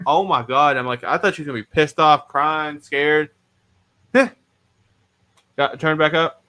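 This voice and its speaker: A man's voice: a little high, steady tone, unhurried, bright, forceful tone, clear, resonant tone. A man hosting a podcast, telling stories in a casual, rambling, self-mocking way and swearing freely. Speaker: podcast host.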